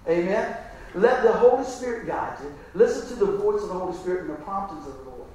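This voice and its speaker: High-voiced preacher in an echoey church. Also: male voice, expressive, fairly quick, dark tone, slight background noise. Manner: storytelling, emphatic, calls out "Amen?". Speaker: pastor. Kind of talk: sermon. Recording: very echoey room, mic at a distance.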